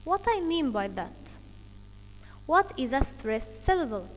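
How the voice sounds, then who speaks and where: A female teacher gives children an English lesson, explaining slowly and deliberately step by step and checking in with "okay" again and again. Her high-pitched voice swings widely in pitch, trailing a long reverb tail.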